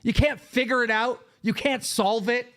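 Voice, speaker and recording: A man hosting a show, ranting angrily with heavy swearing and sudden shouted bursts. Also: very high-pitched, steady tone, normal speed. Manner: profane, heated, bursts into shouting. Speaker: show host. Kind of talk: angry livestream rant.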